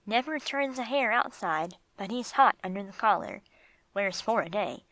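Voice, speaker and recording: A woman voicing Gringo, a gruff streetwise bulldog. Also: medium pitch, lively intonation, moderate pace, fairly bright tone, no echo, lightly acted. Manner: gruff slangy street talk. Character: tough streetwise male bulldog, gruff and blunt. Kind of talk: audiobook character voice.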